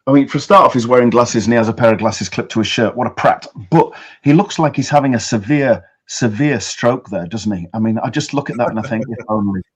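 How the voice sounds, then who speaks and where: A man taking part as a guest in a casual live-stream panel chat, scornful and halting, with restarts, speaking over a video call. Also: medium pitch, husky.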